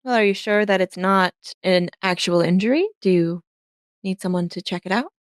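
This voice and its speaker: A woman's voice: mid-range voice, normal speed, smooth, no echo, studio quality, close to an everyday voice. A woman voicing an earnest, courteous young noblewoman suitor with formal, polite period speech.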